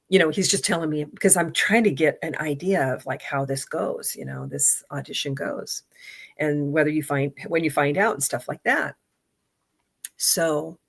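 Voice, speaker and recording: A middle-aged woman hosting a podcast, telling a story in a chatty, animated way and quoting the people in it. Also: deep voice, slightly rough. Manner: chatty, animated retelling with laughs and quoted voices. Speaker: podcast host. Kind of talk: casual storytelling monologue.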